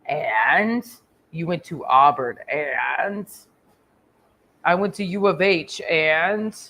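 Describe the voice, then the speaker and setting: Woman from texas cussing out someone on her vlog, low-ish voice, rambly, keeps trailing off on "and". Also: very slow, fairly bright tone. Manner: crude, confrontational, swears constantly. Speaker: vlogger. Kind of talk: profane ranting vlog monologue.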